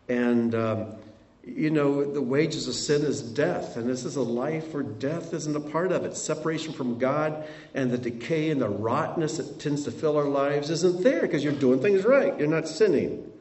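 A man's voice: mid-range voice, lively intonation, measured pace, darkish tone. A middle-aged man preaching a sermon as a pastor, conversational, asking his congregation rhetorical questions. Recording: roomy sound from a distant mic.

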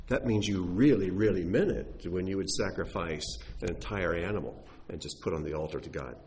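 A man's voice: low-pitched, a little fast, a little hiss or hum. A man preaching a sermon, teaching from scripture with emphatic rhetorical questions. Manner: animated, rising and falling with emphasis, rhetorical questions.

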